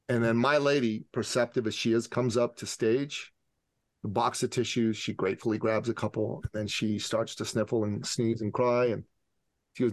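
A man in his forties from the Middle East, a podcast guest and business coach telling an animated, dramatic story. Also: medium pitch, normal speed, dry recording. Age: 40s. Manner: dramatic, acts out scenes with voices.

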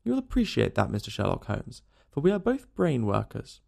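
A man's voice: medium pitch, wildly swooping pitch, a little fast, creaky, darkish tone, full character voice. A man reading an audiobook, voicing a pompous, self-satisfied middle-aged police detective. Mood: boastful. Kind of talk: audiobook character voice.

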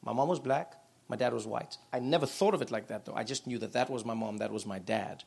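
Gravelly-voiced man telling stories. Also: medium pitch, fast talker. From South Africa. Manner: animated storytelling. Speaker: guest, author and comedian. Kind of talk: live on-stage conversation. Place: live event room.

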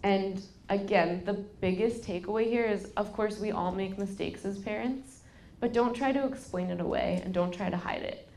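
A woman in her thirties hosts a podcast and talks casually about parenting, candid and conversational. She tells stories from her own home and acts out what people said. Her voice sits in an ordinary middle pitch, with faint noise behind it. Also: normal speed. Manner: candid storytelling, quotes people in a lively way. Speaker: podcast host. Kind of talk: casual advice talk.

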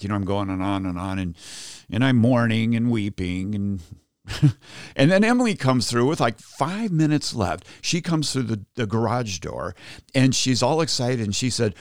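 Animated man giving a faith talk. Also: mid-range voice, moderate pace, dry recording, clean studio sound. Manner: animated storytelling, acts out his own shouts. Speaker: podcast host. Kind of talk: Catholic teaching talk.

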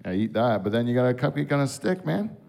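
A man's voice: medium pitch, expressive, fast, vocal fry, darkish tone. Joking man hosting a late show. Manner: joking, blunt, swears freely. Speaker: late-night show host. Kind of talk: casual on-air banter.

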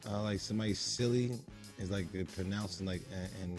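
A man co-hosting a podcast in casual banter, boisterous and joking, often loud. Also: on the low side, brisk, over music. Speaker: podcast co-host.

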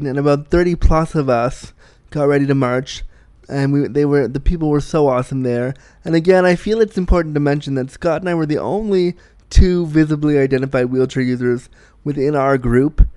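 A man's voice: a little high, a little mellow, clear, resonant tone, no room sound. A man hosting his own vlog, talking in a chatty, enthusiastic way with frequent restarts. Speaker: vlog host. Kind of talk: casual personal monologue.

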